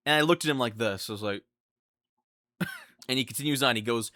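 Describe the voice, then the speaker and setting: A young man telling a storytime vlog in an animated, incredulous way, often restarting his sentences. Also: mid-range voice, brisk, long pauses, no echo, studio quality. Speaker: vlogger.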